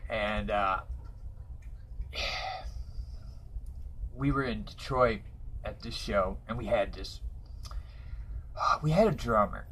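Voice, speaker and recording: A man's voice: lowish voice, slow, pauses often, a bit bright, a little hiss or hum, poor audio. A man, telling stories casually to his viewers, rambling with lots of fillers and chuckling mid-sentence. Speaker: vlogger. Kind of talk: casual storytelling.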